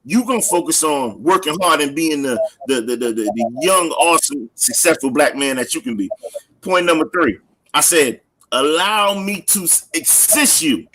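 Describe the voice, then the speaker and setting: A man's voice: on the high side, animated, normal speed, a bit bright, slight background noise, rough recording. A middle-aged man, a minister, talking earnestly in a casual panel discussion, often repeating words as he builds a point. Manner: earnest, repeats words when fired up, preacherly.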